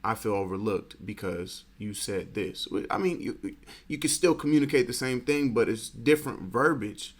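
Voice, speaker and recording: A man's voice: lowish voice, lively intonation, moderate pace. A man co-hosting a casual podcast chat, talking frankly and swearing freely. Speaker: podcast co-host.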